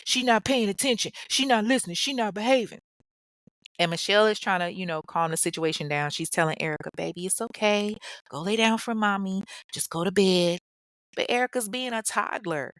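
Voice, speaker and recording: A woman's voice: fairly low pitch, fairly bright tone, no room sound. A woman hosting a podcast, telling a true-crime story in a casual, blunt way, swearing and mocking the people in it. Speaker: podcast host.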